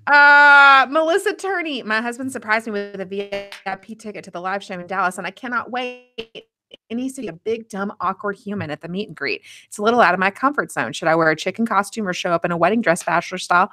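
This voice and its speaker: Bright-voiced woman reading questions. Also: medium pitch, faint music behind. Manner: brisk, reads with filler "um, okay". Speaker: producer reading listener questions.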